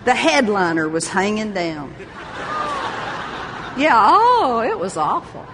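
An older woman preaching a sermon, lively, laughing often and exclaiming praise. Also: medium pitch, slow pace, big-room sound, crowd noise, noisy background.

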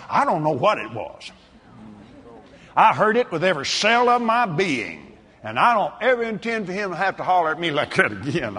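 A man preaching a sermon, moving between hushed tones and exuberant shouting. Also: a little high. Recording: reverberant hall, faint ambience.

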